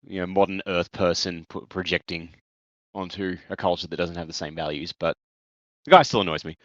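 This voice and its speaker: A man's voice: deep voice, a little fast, fairly bright tone, no room sound. A man co-hosting a casual book chat, blunt and opinionated, swearing casually, on a dull, dry lo-fi mic. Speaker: podcast co-host.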